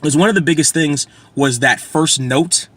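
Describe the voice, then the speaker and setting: A man in his thirties with a hoarse voice, rambling through a casual self-deprecating vlog monologue and often clearing his throat. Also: a little high, moderate pace, fairly bright tone. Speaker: vlogger.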